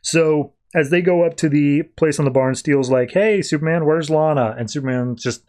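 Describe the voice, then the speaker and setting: A podcast host with a slightly high, darkish voice casually recaps a comic book story. Now and then he slips into quick voiced quotes of the characters.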